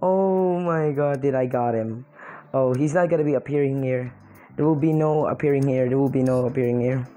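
A young woman giving excited gameplay commentary, exclaiming and laughing often as she plays. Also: a bass voice, normal speed, lo-fi sound. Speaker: mobile game player.

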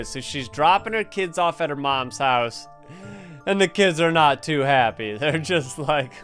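A young man commentating a horror game, excitable and jokey, exclaiming often. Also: on the high side, unhurried, soft background music. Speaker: gaming video host.

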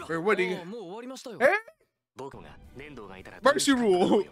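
High, bright-voiced excitable young man. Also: normal speed, pauses often, faint music behind. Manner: excitable, swears a lot, laughs often. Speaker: anime reaction host. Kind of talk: casual reaction commentary.

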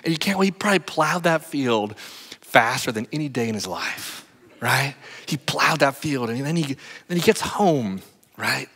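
A pastor delivering a storytelling sermon, his voice bright and lively, swinging widely in pitch. He keeps asking the crowd "right?" as the sound rings through a church hall with long reverb. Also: moderate pace, breathy edge. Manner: animated, acts out stories, talks to the crowd with "right?". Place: church sanctuary.

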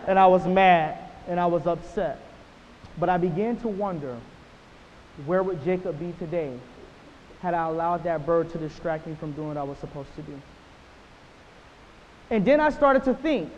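A man giving a motivational keynote to students, telling stories with rhetorical "right?" tags and swinging from quiet lines to loud ones. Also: sits high. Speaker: motivational speaker. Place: large school auditorium. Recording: hall reverb, dull lo-fi sound, faint hiss.

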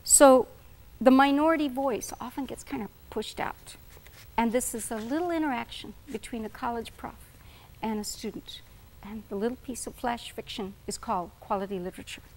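A woman author talking to students and reading her own fiction aloud, in a deliberate storytelling manner. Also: fairly high pitch, a little mellow, a little hiss or hum. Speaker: author giving a talk to students. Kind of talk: lecture and dramatic reading. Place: San Antonio event.

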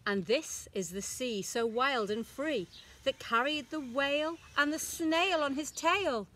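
A woman infant school teacher reads a rhyming picture book aloud to young children. Her voice sits a little high and she takes her time, sing-song and expressive, leaning into each rhyme. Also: measured pace.

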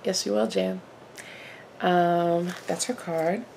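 A woman hosting a casual craft haul vlog, talking excitedly and gushing, sometimes dropping to a soft whisper. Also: lowish voice, takes it slowly, gravelly, a little hiss or hum. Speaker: flosstube host.

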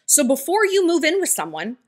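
A woman's voice: high voice, big pitch swings, brisk. A woman giving blunt relationship advice straight to her viewers in a chatty vlog, acting out the people in her stories. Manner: chatty, acts out quoted dialogue in storytelling; blunt, direct-address advice.

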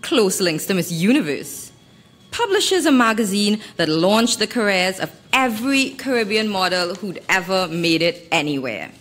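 A woman's voice: medium pitch, expressive, fairly bright tone. Wry woman reading aloud. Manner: wry, sardonic and deliberate. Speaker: author reading her work. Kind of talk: live literary reading. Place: festival venue hall.

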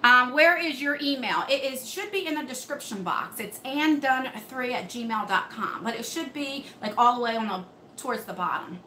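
A woman's voice: sits high, expressive, moderate pace, pushed and bright, echoey room, slight background noise, poor audio. A woman, hosting a live beauty stream from home and answering viewers' comments in a chatty way. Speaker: beauty channel host. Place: home room under hot lights.

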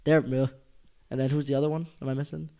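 A man's voice: medium pitch, flat delivery, vocal fry, mellow, clean tone. A man co-hosting a wrestling podcast, joking and arguing in casual chat. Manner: joking, argumentative, quick banter. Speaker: podcast co-host.

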